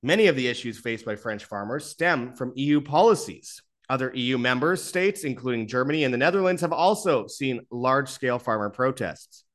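A man's voice: mid-range voice, lively intonation, brisk, few pauses, fairly bright tone. Man commenting over news clips. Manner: reads out posts and articles, comments between with fillers. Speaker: commentary channel host.

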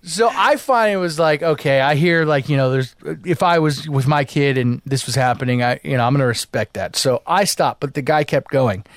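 A man in his forties co-hosting a podcast, telling a story in an animated, profane way and acting out what people said. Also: mid-range voice, a little fast, few pauses, no room sound. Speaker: podcast co-host. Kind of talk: casual storytelling chat.

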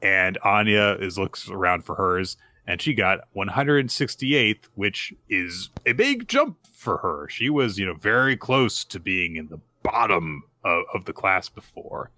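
A man co-hosting a podcast, recapping manga chapters in casual chat, who often jumps into a high voice to act out characters' lines. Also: animated, measured pace, hardly any pauses, sharp tone, no echo. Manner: restarts and fillers. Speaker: podcast co-host.

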